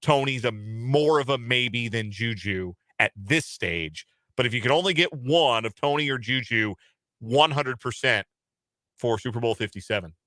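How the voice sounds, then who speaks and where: Bright-voiced easygoing sports radio man. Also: medium pitch, moderate pace, dry recording. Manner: easygoing, laughs often, then plain and informative on football news. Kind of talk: casual sports talk chat. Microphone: studio microphone.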